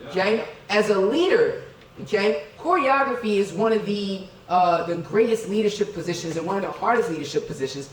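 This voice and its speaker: A middle-aged man giving a motivational keynote in an event hall, energetic, calling for crowd responses and counting out dance moves. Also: sits high, slight background noise. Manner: energetic, leads crowd through dance counts, keeps asking "okay?". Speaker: keynote speaker. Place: event hall with tables and chairs. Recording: echoey hall, voice from a distance.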